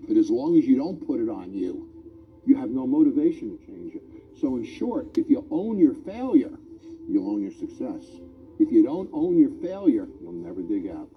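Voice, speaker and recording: A man's voice: medium pitch, very animated, moderate pace. A man giving a motivational speech, challenging the audience with pointed rhetorical questions. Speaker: motivational speaker. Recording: tinny phone-like recording over faint music.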